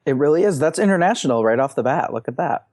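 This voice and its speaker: A man co-hosting a podcast, explaining calmly in casual chat with lots of ums and you-knows. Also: a little high. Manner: measured, explanatory, filler-heavy. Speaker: podcast co-host.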